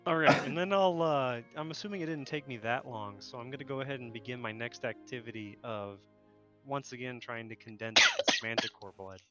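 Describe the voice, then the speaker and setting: A man's voice: mid-range voice, a little fast, fairly bright tone, lo-fi sound, faint music behind. A man playing a tabletop game over voice chat, talking hesitantly with many restarts. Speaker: player.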